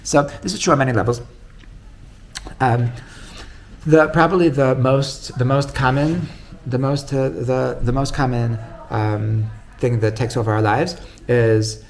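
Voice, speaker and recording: A man's voice: mid-range voice, steady tone, measured pace, gravelly. A man, a rabbi, giving an informal Torah class in a conversational way. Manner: conversational, retells stories with quoted dialogue.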